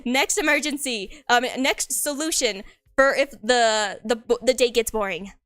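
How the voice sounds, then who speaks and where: A woman's voice: on the high side, measured pace, fairly bright tone, no echo, soft background music. A young woman streamer in casual chat, rambling playfully and laughing often.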